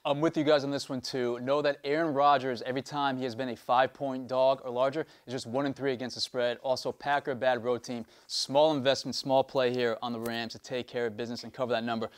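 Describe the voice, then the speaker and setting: A man's voice: medium pitch, little pitch movement, clear, resonant tone. A man giving confident, stats-driven betting picks on a casual football show. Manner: brisk, confident, stat-heavy. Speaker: betting analyst. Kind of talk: casual sports betting chat.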